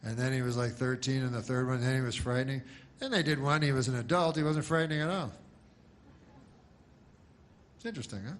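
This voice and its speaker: A middle-aged male comedian telling a rambling, deadpan comedic story, meandering with many fillers. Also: medium pitch, brisk, pauses often, a little hiss or hum.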